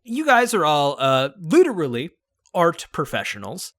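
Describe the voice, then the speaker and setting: Animated male guest, bright and lively, quick to laugh. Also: a little high, no room sound, clean studio sound. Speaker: guest prompt-giver. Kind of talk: casual chat.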